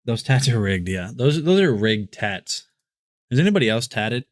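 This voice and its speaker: A man's voice: medium pitch, sing-song, normal speed. Guy hosting a shopping livestream, chatty, trips over his words, mid voice. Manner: laughs often and rambles with restarts. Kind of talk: casual live-stream chat.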